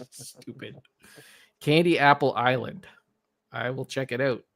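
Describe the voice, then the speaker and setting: A man's voice: mid-range voice, gravelly, a bit bright. Guy rambling on a podcast, lots of restarts, plain mid voice. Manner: rambling, halting, many restarts. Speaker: podcast co-host. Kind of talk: casual chat about movies.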